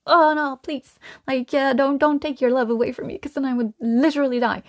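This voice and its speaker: A woman voicing a frightened small child who begs its mother in a soft, pleading voice. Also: high voice, fairly even intonation, a little fast, pitched above the performer's own voice.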